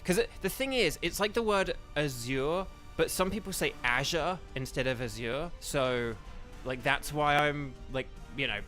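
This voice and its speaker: A man's voice: fairly high pitch, measured pace, bright, forceful tone, faint music behind. Chatty English man streaming a game. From England. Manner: chatty, distractible, full of fillers and restarts. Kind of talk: casual livestream chat while gaming.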